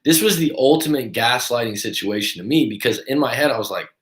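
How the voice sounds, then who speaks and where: A man's voice: medium pitch, brisk. Man telling a story in a roomy echo. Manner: animated, acts out other people's lines. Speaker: breakup coach. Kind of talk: casual storytelling.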